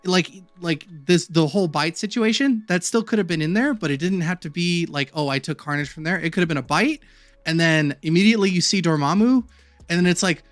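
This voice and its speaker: A man's voice: fairly high pitch, a little fast, no echo, faint music behind. A man co-hosting a casual podcast, rambling with lots of "like" fillers. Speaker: podcast co-host. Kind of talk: casual chat.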